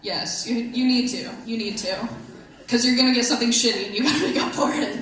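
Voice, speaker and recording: Young female stand-up comic, slightly high voice, deadpan self-deprecating delivery, stage mic in a very echoey room. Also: brisk. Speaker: stand-up comedian. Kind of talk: stand-up comedy set. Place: comedy club stage. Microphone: handheld stage mic. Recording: echoey club room, faint hum.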